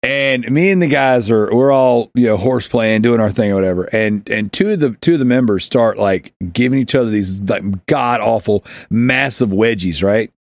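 A man's voice: medium pitch, normal speed, vocal fry, few pauses, no echo, clean studio sound. A man hosting a podcast, rambling through a funny story and laughing as he goes. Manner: rambling, laughing, acts out shouted quotes. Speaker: podcast host. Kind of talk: casual storytelling chat.

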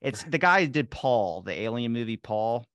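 A man's voice: mid-range voice, lively intonation, normal speed, fairly bright tone, no room sound. A man hosting a podcast, chatting casually and wandering off on tangents. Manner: rambling, jumps between tangents. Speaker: podcast host. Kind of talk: casual conversational interview.

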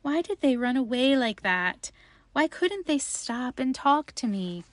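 A woman's voice: sits high, big pitch swings, a little slow, pitched above the performer's own voice. A woman voicing a timid little male toy rabbit in a storybook reading, speaking in an earnest, pleading way.

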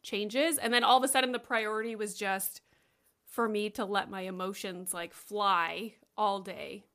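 Speaking a little slowly in a mid-range voice, a woman in her thirties from Canada shares a story in relaxed conversation. She's chatty and animated, full of filler words and offhand swearing.

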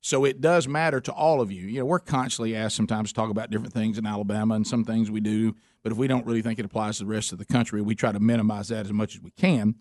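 A man's voice: fairly low pitch, steady tone, fast talker, hardly any pauses, darkish tone, no room sound, clean studio sound. A man hosting a talk radio show, speaking earnestly with many restarts. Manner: earnest, rambling. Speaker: radio host. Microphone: studio mic.

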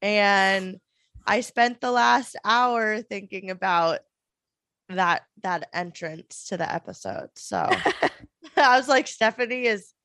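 A woman co-hosts a casual podcast, upbeat and hyper, laughing and swearing as she chats loosely with a friend. Her medium-pitched voice is fairly bright and slow-paced, with no echo.

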